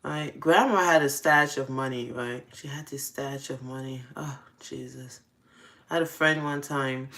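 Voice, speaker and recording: A woman's voice: very deep voice, steady tone, unhurried, fairly bright tone. A young adult woman casually telling confessional stories, often breaking into laughter. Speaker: host. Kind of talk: casual storytelling.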